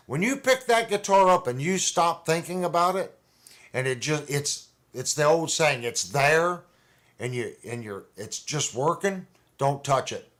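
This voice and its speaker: A man's voice: on the high side, lively intonation, unhurried, a bit bright. A man hosting a casual livestream, chatting in a rambling, conversational way with restarts. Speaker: livestream host. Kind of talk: casual chat about guitars.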